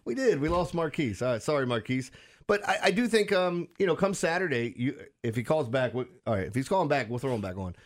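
A man's voice: mid-range voice, big pitch swings, a little fast. A man with a Baltimore accent hosting a sports radio show, talking casually and animatedly with frequent restarts and laughs.

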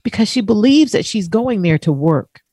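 A woman co-hosting a talk show, telling a heartfelt personal story and quoting others in soft voices. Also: medium pitch, sing-song, normal speed, breathy edge, dry recording. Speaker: co-host. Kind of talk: emotional personal story, casual chat.

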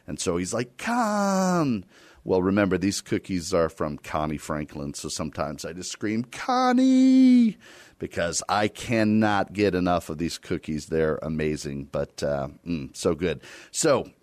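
A man with a deep voice hosts a faith radio program. He talks in a playful, self-mocking way as he pitches for donations, and the studio sound is dry and close. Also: a little mellow, no echo. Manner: playful, self-deprecating, jokey. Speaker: radio host. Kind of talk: radio ministry talk and fundraising pitch.

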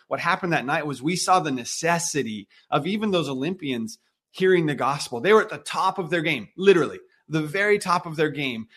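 A man in his thirties, a guest on an interview, telling a story with lively acted-out dialogue. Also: fairly high pitch. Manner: animated storyteller acting out quoted dialogue. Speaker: guest, missionary musician.

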